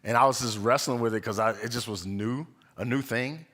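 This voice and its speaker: A young man giving a conversational sermon at a spiritual center, an animated storyteller who acts out the voices in his stories and laughs often. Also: medium pitch, a little fast. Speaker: guest speaker at a spiritual center. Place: church sanctuary.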